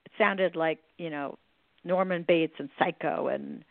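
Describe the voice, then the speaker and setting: A woman hosting a podcast, telling funny stories in a lively way and laughing as she goes. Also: sits low, unhurried, vocal fry, dry recording. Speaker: podcast host. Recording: phone-like, dry sound.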